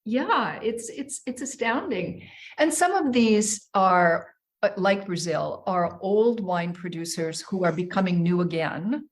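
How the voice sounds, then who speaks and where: A woman's voice: mid-range voice, expressive, a little slow. A woman guest on a wine podcast, talking thoughtfully with many fillers and restarts. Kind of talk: casual podcast interview.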